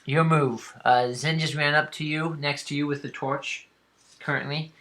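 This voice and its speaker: A man narrating a tabletop game as game master, pausing often with fillers and restarts. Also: fairly high pitch, fairly even intonation, fairly bright tone. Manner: halting, with frequent fillers and restarts.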